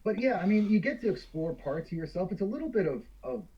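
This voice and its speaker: A man's voice: high-pitched, very animated, quick pace, muffled recording, a crowd in the background. A man from Canada, an actor, telling candid stories in a casual interview over a call. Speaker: actor guest.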